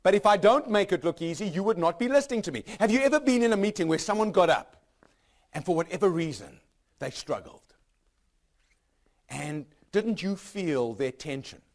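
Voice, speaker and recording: A man's voice: a little high, animated, normal speed. A man speaking as a motivational speaker to a live audience in a room. He talks emphatically and repeats himself, with many rhetorical questions.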